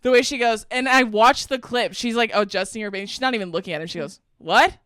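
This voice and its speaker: A bright, crisp-voiced young woman co-hosting a casual podcast. She giggles a lot and breaks into loud, laughing shouts. The sound is close and dry. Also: fairly high pitch, fast, dry recording. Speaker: podcast co-host. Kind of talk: casual chat.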